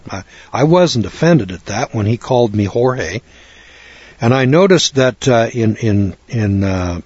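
A man's voice: on the low side, a little mellow, breathy edge, dry recording, highs cut off. An older man from the western United States talking in a folksy, rambling way about names and scripture, often spelling words out letter by letter. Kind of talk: casual religious talk, answering a question.

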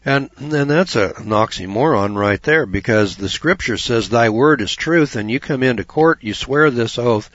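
A man's voice: mid-range voice, moderate pace, hardly any pauses, a bit bright, dry recording. A man giving a folksy, preaching talk, rambling, repeating "you know" and putting questions to his listeners. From United States. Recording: dull dry lo-fi recording.

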